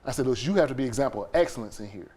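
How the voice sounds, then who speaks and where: A man, a podcast guest, telling an emotional personal story in an animated way, acting out scenes with quoted voices and sound effects. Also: medium pitch, very fast, slightly rough.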